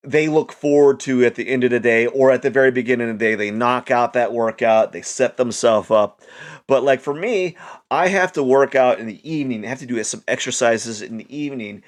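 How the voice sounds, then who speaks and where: A man talking casually and encouragingly to camera, rambling with lots of "like" and restarts, swinging between loud bursts and quiet asides. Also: mid-range voice. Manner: rambling, heavy use of "like", frequent restarts. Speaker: channel host. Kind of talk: casual motivational monologue.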